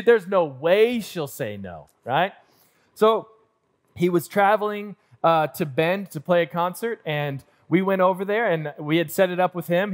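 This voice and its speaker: Young male pastor, high-pitched, animated and self-mocking storyteller at a church service. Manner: self-deprecating, animated storyteller acting out scenes. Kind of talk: sermon storytelling. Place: church auditorium.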